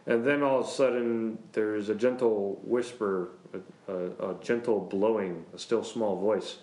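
A man, a pastor, teaching a church class in a casual, lively way, joking, often chuckling and asking the class questions. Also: lowish voice, measured pace. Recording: roomy classroom echo.

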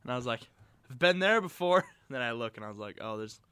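A man's voice: medium pitch, lively intonation, fast, fairly bright tone, clear, resonant tone, no echo. A young man, a college student, co-hosting a casual sports podcast in a joking, easygoing way. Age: young adult.

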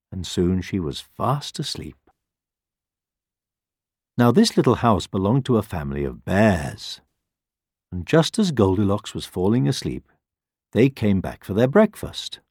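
A man narrating a children's story in a slow, very expressive voice. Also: fairly low pitch, husky, no echo, studio quality. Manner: slow and very expressive, rising and falling.

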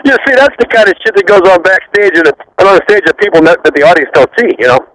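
Fast, animated man telling rowdy stories. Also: high-pitched, rough recording. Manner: rambling, profane, laughs often. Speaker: guest, former rock bassist. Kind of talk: casual interview storytelling.

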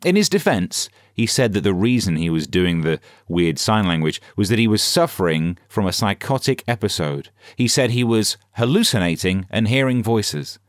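A man hosting a scripted satirical news comedy podcast with a sarcastic, deadpan delivery. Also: on the low side, normal speed, few pauses, no echo, clean studio sound.

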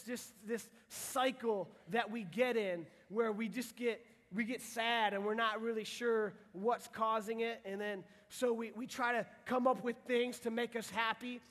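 High-voiced young pastor in a reverberant hall. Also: male voice, a bit bright. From United States. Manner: casual, earnest, frequent restarts. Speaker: youth pastor. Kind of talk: sermon to teenagers.

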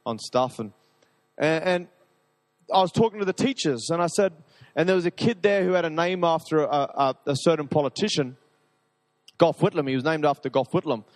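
A man preaching a sermon to a live audience, talking in an energetic, rambling, enthusiastic way. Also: on the high side, moderate pace, in a large hall.

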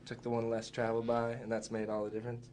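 A man's voice: mid-range voice, monotone, quick pace, darkish tone, a little hiss or hum. A young American man from Texas, a guest chatting in a rambling, laid-back way with lots of fillers. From Texas, USA. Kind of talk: casual chat.

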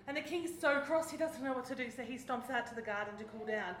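A woman preaching, retelling a story in a lively way and acting out its voices. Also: a little high, quick pace, hardly any pauses, slight background noise. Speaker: speaker. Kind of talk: sermon storytelling. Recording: echoey hall.

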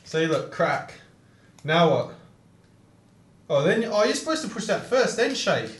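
Excitable swearing young man in an echoey room. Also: sits high, a little slow. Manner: excitable, swears a lot, laughs often. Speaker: podcast host. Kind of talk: casual podcast chat. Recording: roomy echo.

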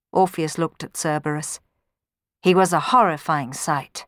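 A woman narrating a myth as a storybook reading, clear and expressive. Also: sits low, measured pace, no room sound, studio quality.

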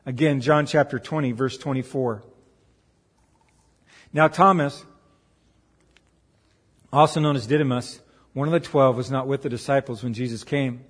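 A man's voice: medium pitch, steady tone, normal speed, long pauses, husky. Man preaching in a reverberant hall. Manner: preaching with rising emphatic peaks and quiet asides. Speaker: pastor. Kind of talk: sermon.

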